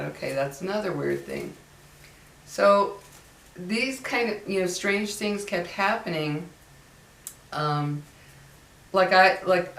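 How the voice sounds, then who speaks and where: A middle-aged woman telling a personal story in a casual, chatty way, repeating phrases and acting out what others said. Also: deep voice. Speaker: vlogger. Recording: echoey room, far from mic.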